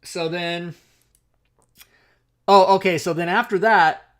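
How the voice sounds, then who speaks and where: A man's voice: high voice, fairly even intonation, takes it slowly. A man hosting a livestream talk show, telling a long story in a casual, rambling way, laughing often and restarting his sentences.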